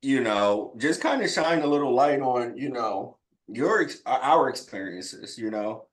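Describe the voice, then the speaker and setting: A man co-hosting a podcast in casual chat, talking in an animated, hyped and slangy way. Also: mid-range voice, unhurried. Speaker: podcast co-host.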